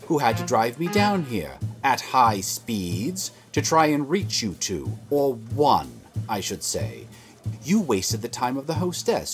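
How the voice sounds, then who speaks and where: An actor playing a stern, proud theater producer who scolds with sharp sarcasm, in an audio drama. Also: male voice, medium pitch.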